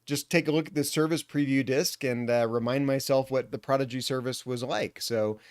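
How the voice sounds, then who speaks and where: Throat-clearing man streaming casually. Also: mid-range voice, steady tone, normal speed, no echo, clean studio sound. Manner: rambling, frequent throat clearing and fillers. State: hiccups. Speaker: live streamer. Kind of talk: casual live stream commentary.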